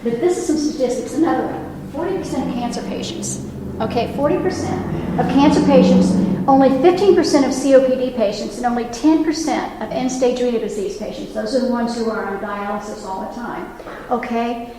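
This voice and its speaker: Briskly and with hardly any pauses, a woman over sixty-five with a voice on the high side, a nurse, gives an earnest public talk in a library meeting room, tossing asides and questions to the audience. Background noise and echo from a distant mic fill the recording.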